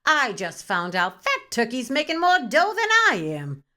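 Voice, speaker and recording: A woman's voice: on the high side, huge pitch swings, pushed and bright, voice pushed up, heavily acted. Woman putting on a ranting indignant gossip on the phone. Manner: exaggerated, indignant, rapid ranting.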